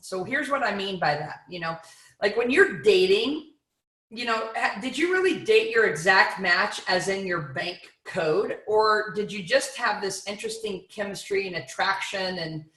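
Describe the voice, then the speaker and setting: A woman giving an energetic, playful seminar talk to an audience, full of rhetorical questions. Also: medium pitch, moderate pace, roomy sound. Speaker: motivational speaker.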